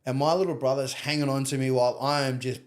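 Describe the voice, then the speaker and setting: A young adult man with an Australian accent tells his story as a podcast guest. He talks candidly and rambles, with plenty of swearing. His voice sits at an ordinary middle pitch. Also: steady tone, fast. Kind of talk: casual storytelling interview.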